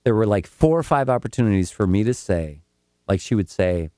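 A man's voice: on the low side, animated, fairly quick, warm tone, no room sound, studio quality. A man co-hosting a casual comedic chat, telling stories with swearing and mock voices. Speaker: podcast co-host.

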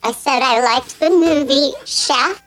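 A woman's voice: high voice, slow pace, fairly bright tone. A woman with a Canadian accent, chatting as a guest and often stammering, on a line with clicks and background hiss. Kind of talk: casual chat.

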